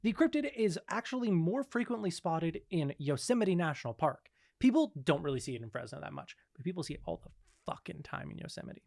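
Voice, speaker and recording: A man's voice: a little high, a little fast, gravelly. Laid-back man telling a cryptid story. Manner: laid-back, crude jokes, animated bursts. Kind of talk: casual chat.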